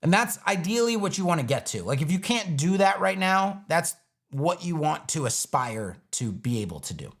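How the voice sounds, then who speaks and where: A man's voice: a little high, big pitch swings, moderate pace. A man teaching web design on a live stream, talking casually through each step as he builds a page on screen.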